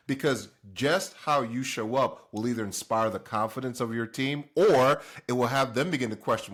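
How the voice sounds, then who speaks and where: A man's voice: mid-range voice, a little fast, a bit bright. A man from Jamaica hosting a motivational talk, speaking emphatically and throwing rhetorical questions at the listener. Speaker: host.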